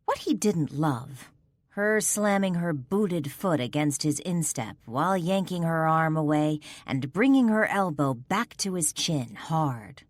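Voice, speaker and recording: A woman narrating a paranormal romance audiobook in a measured, expressive storytelling manner. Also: sits low, no echo, clean studio sound. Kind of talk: scripted narration.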